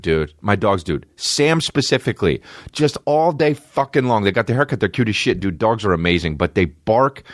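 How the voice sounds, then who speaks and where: A man hosting a podcast in casual chat, rambling and swearing a lot, with big jumps in pitch. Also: no echo, clean studio sound. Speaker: podcast host. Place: home studio with barking dogs nearby.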